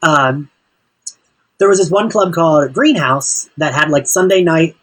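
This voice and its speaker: A podcast host telling stories in relaxed, casual chat, full of fillers. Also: mid-range voice, a little slow, recorded from a distance, low-quality recording. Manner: relaxed storytelling, filler-heavy.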